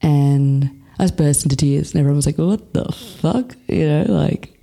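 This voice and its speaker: A young Australian woman chats openly as an interview guest, swearing freely and leaning on fillers. Her voice is mellow and dark with a gravelly rasp at the ends of phrases. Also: low-pitched, fairly even intonation, fairly quick. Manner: frank and swears freely, laughs a lot, chatty with many fillers. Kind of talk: casual candid chat.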